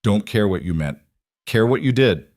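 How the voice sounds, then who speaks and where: A man's voice: on the low side, animated, normal speed, darkish tone, dry recording, studio quality, lightly acted. A man voicing Wade, a hard, protective frontier rancher father who talks curtly in an audiobook story. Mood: stern. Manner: curt and stern.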